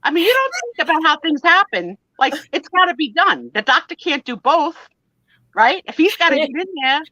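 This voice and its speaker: A woman's voice: high voice, brisk, no echo, lo-fi sound. A woman on a casual live chat, telling funny personal stories and acting out the voices in them. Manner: animated, self-deprecating, acts out voices in her stories. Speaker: guest on a live vintage photo sale stream.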